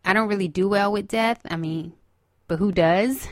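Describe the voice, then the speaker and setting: A woman talking solo as a podcast host, earnest and emotional, leaning on repeated phrases to drive her points home. Her voice sits at an ordinary pitch for a woman, recorded close and dry with no room sound. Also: moderate pace, dry recording. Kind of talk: solo casual chat.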